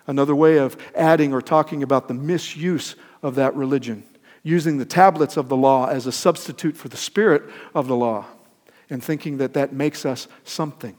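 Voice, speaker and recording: An older man preaching a sermon, emphatic, swinging from loud peaks to soft lines and asking the congregation questions. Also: mid-range voice, normal speed. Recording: long hall reverb.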